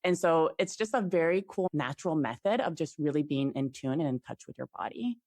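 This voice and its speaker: A woman's voice: deep voice, animated, a little fast, a little mellow, no room sound. A young woman speaking as a guest on a casual podcast, talking chattily with many "like" fillers and plenty of enthusiasm. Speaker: guest, fertility app CEO.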